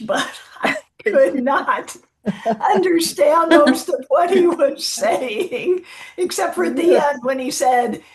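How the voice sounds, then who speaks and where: A woman tutor shares a lively anecdote over a video call during a casual group discussion. Her voice sits fairly high, and she tells her story with easy animation. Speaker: volunteer literacy tutor.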